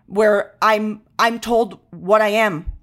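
A young woman from Venezuela co-hosting a podcast, talking with passion and speed and slipping in Spanish words. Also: mid-range voice. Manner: impassioned, rapid and animated, mixing in Spanish words. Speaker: podcast co-host. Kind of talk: casual chat.

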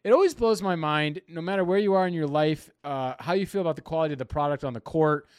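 A man's voice: fairly high pitch, fast, clean tone, no room sound, clean studio sound. A man in his thirties, a podcast co-host, chatting casually and rambling a bit. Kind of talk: casual chat.

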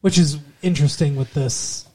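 A man's voice: fairly high pitch, moderate pace, warm tone, slight background noise. A man co-hosting a casual podcast, joking and teasing as he talks. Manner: joking, teasing, puts on silly accents. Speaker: podcast co-host. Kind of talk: casual chat.

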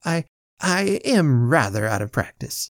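A man reading aloud who voices a nervous young gentleman, stammering in a raised voice. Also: mid-range voice, sing-song, measured pace, no echo, studio quality. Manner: stammering, hesitant.

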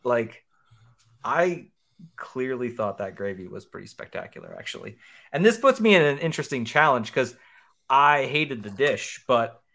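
Man, mid pitch, thinking-aloud reviewer, light chuckles, casual. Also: very animated, normal speed, fairly bright tone. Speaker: food reviewer.

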